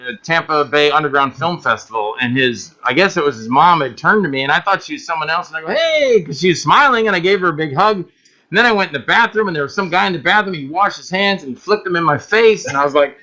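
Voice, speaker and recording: A man's voice: on the high side, fast. A man in casual chat, telling stories bluntly, swearing freely and acting out other people's voices. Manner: animated, acts out voices in his stories, laughs loudly. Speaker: guest.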